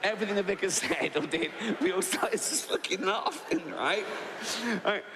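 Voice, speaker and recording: A man in his sixties does stand-up, chatting through stories, tagging lines with "right?" and laughing at his own jokes. His voice is high-pitched at normal speed, with background noise, live hall reverb and faint ambience.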